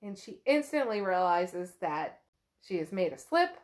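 A woman's voice: mid-range voice, big pitch swings, a little slow. A woman co-hosting a book podcast, retelling the chapter in a loose, chatty way, laughing often and swearing now and then. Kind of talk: casual book recap chat.

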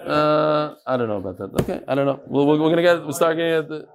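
A man leads a Talmud class in a brisk, good-humored lecture. His voice sits slightly high, and he drops into sing-song chanting for quoted lines. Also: a crowd in the background. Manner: joking, animated, chants phrases. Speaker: Talmud teacher.

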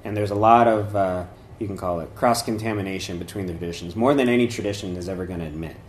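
A man with a low voice talks fast in an echoey room, with a little hiss or hum on the recording. His informal talk on meditation and yoga traditions rambles conversationally, full of fillers and restarts.

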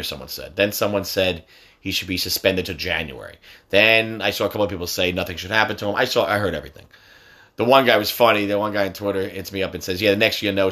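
A man in his forties chatting about sports with his son, profane and quick to yell. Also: sits low. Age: 40s. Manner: loud, profane, jumps to sudden yelling.

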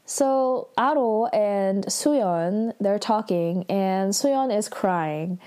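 A woman chatting casually as she recaps a show, full of "like" fillers and excited asides. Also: mid-range voice, very slow, clear, resonant tone. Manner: chatty, fills talk with "like", acts out characters' lines and squeals in delight. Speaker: drama recap vlogger.

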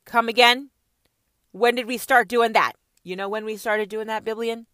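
A woman rants at her listeners in a fierce, profane, preachy monologue. Her voice is bright and forceful, jumping from shouts down to hushed whispers. The sound is close and dry, with no room around it. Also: a little high, fairly even intonation, moderate pace, no echo. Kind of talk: ranting monologue.

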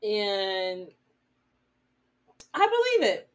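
A woman co-hosting a casual TV recap podcast. She talks in an animated, giggly way, and her pitch leaps up suddenly. Her voice sits in a middle register. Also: very slow. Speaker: podcast co-host.

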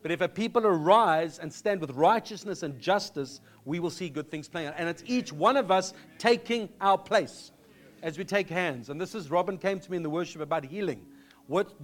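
A man from South Africa preaching a sermon as pastor, earnest and conversational, slowing down to read scripture aloud. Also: fairly high pitch. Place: church.

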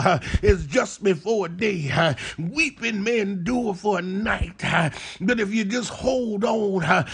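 A man preaching a sermon in a chanted, whooping cadence, opening nearly every phrase with a breathy "uh". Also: high-pitched, fairly bright tone.

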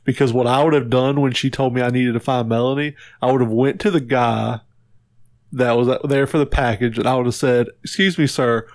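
A man's voice: mid-range voice, fairly even intonation, brisk, a little mellow, dry recording. A man co-hosting a podcast in casual chat, blunt and laid back, with profane asides. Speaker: podcast co-host.

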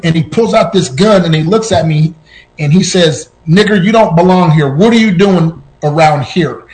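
Animated high-voiced man telling stories. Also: rough recording. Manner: animated, voice jumps high at tense moments, frequent restarts. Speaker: podcast guest. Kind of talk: personal storytelling.

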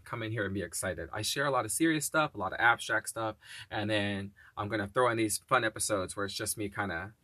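Encouraging man with a bright, dry voice. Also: fairly low pitch, husky, dry recording. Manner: encouraging, upbeat, slow and deliberate on affirmations. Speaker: podcast host. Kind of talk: casual solo podcast talk with spoken affirmations.

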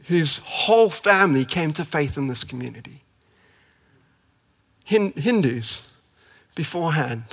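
A man's voice: a little high, animated, measured pace, long pauses. Impassioned male preacher in reverberant hall. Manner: impassioned, rising to emphatic peaks then dropping soft. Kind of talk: sermon.

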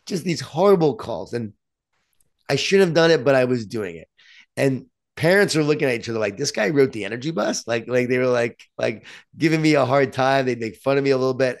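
A man from Long Island with a New York accent, an author guest who tells stories in an animated, self-deprecating way. His voice sits at an ordinary middle pitch. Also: smooth. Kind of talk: storytelling in conversation.

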